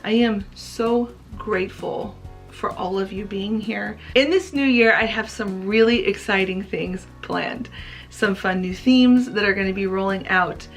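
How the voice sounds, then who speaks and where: A woman talks straight to her viewers in an earnest, heartfelt way. Her voice sits at a middle pitch, and a faint bed of music plays under it. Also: a little slow. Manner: earnest, emotional, tearful at times. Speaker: craft vlogger. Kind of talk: heartfelt personal vlog talk.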